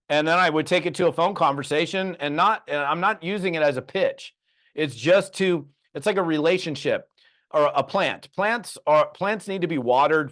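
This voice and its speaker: A middle-aged man giving an animated sales training, telling stories and acting out quick bits of dialogue. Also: medium pitch. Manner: lively storytelling with acted-out dialogue. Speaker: network marketing trainer.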